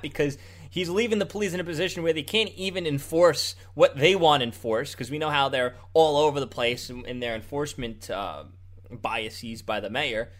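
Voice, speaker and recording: Man, political commentator, sarcastic, argumentative, slightly high voice. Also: a little fast, fairly bright tone. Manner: argumentative, sarcastic, mocking mimicry of opponents. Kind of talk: opinion commentary over video clips.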